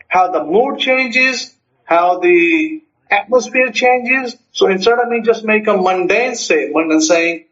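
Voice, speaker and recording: Brief: male teacher, fairly high voice, acts out little dialogues, repeats points, slightly muffled recording. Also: normal speed, fairly bright tone. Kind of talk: spoken self-help teaching.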